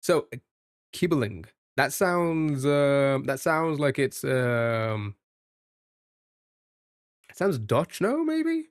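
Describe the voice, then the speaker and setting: A man's voice: medium pitch, drawn-out words, pauses often, clear, resonant tone, no room sound, clean studio sound. A man from the United Kingdom, streaming and chatting casually, thinking aloud while he guesses and jokes with his chat. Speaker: live streamer.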